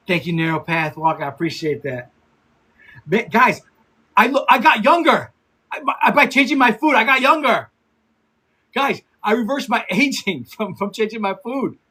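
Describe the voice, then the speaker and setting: Husky, high-voiced man in his fifties. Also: rough recording. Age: 50s. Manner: laughs a lot, swears, gives quick shout-outs to viewers. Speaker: livestream host. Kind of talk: casual livestream chat.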